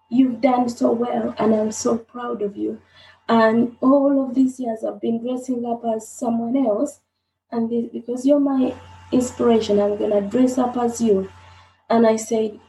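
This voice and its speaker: A woman, an interview guest, telling a personal story in halting sentences, repeating words and acting out what was said. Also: a little high, gravelly, mellow, a little hiss or hum. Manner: halting, repeats herself, acts out dialogue. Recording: roomy echoey sound.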